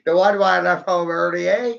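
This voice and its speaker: Man, rambling profane vlogger with a fry in the voice, dull lo-fi audio. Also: sits high, fairly even intonation, a little fast, a bit bright. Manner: profane, taunting, laughs at own jokes. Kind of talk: rambling vlog monologue.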